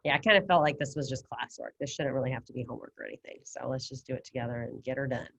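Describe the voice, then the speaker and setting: A woman's voice: rumbling low, racing, creaky, slightly rough. A woman teaching a Spanish class over a video call, casual and encouraging as she talks students through each step. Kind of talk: online class instruction.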